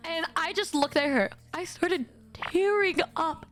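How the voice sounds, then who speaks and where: A woman streamer telling a comic story in an animated, dramatic way, with sudden leaps in pitch. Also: unhurried, faint music behind. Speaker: VTuber streamer.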